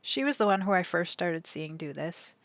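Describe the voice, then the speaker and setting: Soft-spoken woman streamer, low and dry. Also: expressive, moderate pace, no room sound. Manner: gentle and emotional, many fillers and restarts. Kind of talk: casual live-stream chat.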